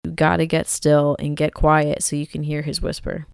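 A woman's voice: low-pitched, completely flat delivery, normal speed, creaky, clean tone, dry recording, clean studio sound. A young woman hosting a faith podcast, talking in an earnest, conversational, encouraging way. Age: young adult. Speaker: podcast host.

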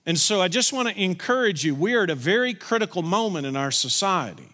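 A male pastor preaches a sermon in a bright, forceful voice pitched slightly high, with lively intonation. He slows down and leans into his spoken prayer lines for emphasis, and the long reverb of a large church hall rings around him.

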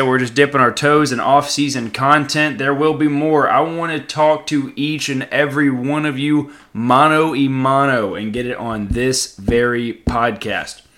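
A young man hosting a casual solo podcast, rambling and joking, with sudden loud outbursts. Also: mid-range voice. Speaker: podcast host.

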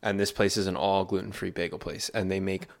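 A man with a deep, fairly even voice talks fairly quickly, co-hosting a casual podcast from the New York City area. He tells a story in a laid-back manner, full of filler words.

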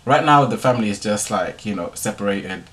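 A young man hosts his podcast and talks through a story in a loose, chatty monologue. His voice sits a little low, and he keeps tacking tag questions onto his sentences. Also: expressive, a little fast, fairly bright tone. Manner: laid-back slangy delivery, tag questions. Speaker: podcast host.

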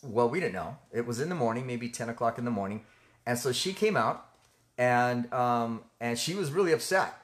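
Earnest man teaching in halting speech. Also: medium pitch, expressive. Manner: earnest, halting, with many fillers and restarts. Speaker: ministry co-host. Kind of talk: conversational faith teaching.

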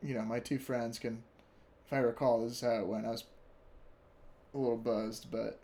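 Young man, casual storytelling, animated, swears a lot, laughs often. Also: medium pitch, moderate pace. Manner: animated, laughing, profane, acts out quotes.

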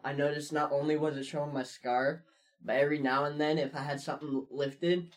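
A young man in casual chat, excitable and swearing, laughing through his work stories. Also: fairly high pitch, fairly quick.

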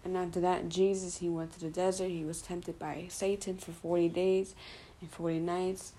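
Mellow, low-voiced woman retelling scripture. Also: flat delivery, normal speed, a little hiss or hum. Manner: loose and conversational, with fillers and self-corrections. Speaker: Bible study presenter.

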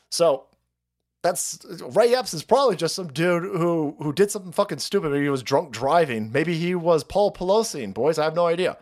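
Man, livestream host, profane rambling rant, lively swooping pitch, fairly high voice. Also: normal speed. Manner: foul-mouthed, rambling, mocking, laughs at own jokes; stammers and restarts often.

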